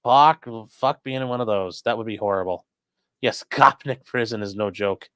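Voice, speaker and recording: A man's voice: lowish voice, normal speed, fairly bright tone, smooth, dry recording. A man hosting a casual livestream, reading chat comments and commenting bluntly with swearing and lots of fillers. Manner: blunt, profane, rambling with many fillers.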